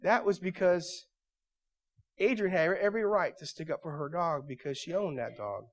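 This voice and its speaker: A male pastor delivering a sermon in a church, moving from quiet storytelling to loud, emphatic preaching. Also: on the high side, moderate pace.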